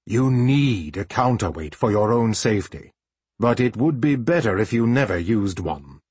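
A man's voice: fairly low pitch, animated, normal speed, darkish tone, slightly rough, no echo. Man voicing a grave old magic master. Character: stern older male magic master.

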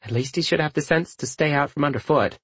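A man voicing a calm, firm adult woman, a mother in an audiobook, speaking in an even, measured way. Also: fairly high pitch, husky, dry recording.

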